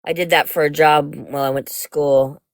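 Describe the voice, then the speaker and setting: A woman's voice: low voice, steady tone, normal speed, no room sound, studio quality. A middle-aged woman hosting a casual livestream chat, telling stories frankly with casual swearing. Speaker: livestream host.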